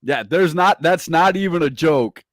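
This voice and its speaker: A man's voice: on the high side, expressive, measured pace, no echo, clean studio sound. A man hosting a casual interview, reading out viewer questions and bantering with frequent laughter.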